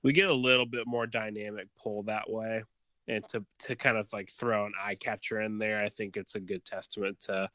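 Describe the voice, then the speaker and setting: A man's voice: on the low side, steady tone, moderate pace, pushed and bright, dry recording. A man co-hosting a casual music podcast, thoughtful and analytical, with many fillers. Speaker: podcast co-host.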